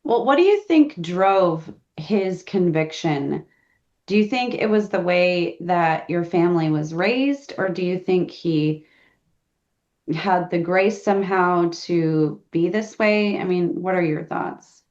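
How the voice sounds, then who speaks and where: A woman interviewing a guest, asking measured questions and offering affirmations. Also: fairly low pitch, animated, a little mellow. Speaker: interviewer, editor. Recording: slightly dull lo-fi audio.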